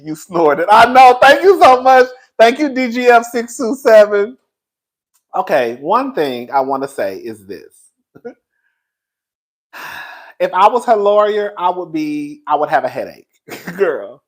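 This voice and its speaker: A man's voice: high-pitched, poor audio. A man hosting a gossip livestream, who laughs often and stretches out his words. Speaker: livestream host. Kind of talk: gossip commentary.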